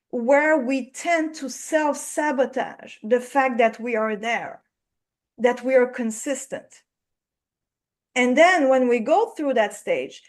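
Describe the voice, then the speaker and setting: A woman from Quebec with a French-Canadian accent, a trading psychology coach speaking reflectively on a live show. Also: sits high. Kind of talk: live show guest talk.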